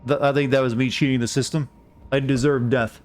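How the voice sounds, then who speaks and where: A man's voice: medium pitch, little pitch movement, a little fast. An American man streaming a video game, chatting with viewers in a wry, offhand way. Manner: wry, chatty, talks to chat. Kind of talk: casual live game commentary.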